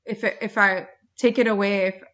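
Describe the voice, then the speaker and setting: A woman's voice: mid-range voice, fairly even intonation, moderate pace, a bit bright. A woman who is an airline pilot, talking earnestly in an interview and repeating phrases for emphasis. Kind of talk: faith-filled interview talk.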